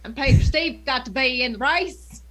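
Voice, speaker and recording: A woman's voice: high voice, fairly bright tone, a little hiss or hum. A woman with a faint Southern US accent, a podcast guest who chats casually and laughs easily. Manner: upbeat, quick to laugh, chimes in with short agreements. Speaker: podcast guest, charity streamer.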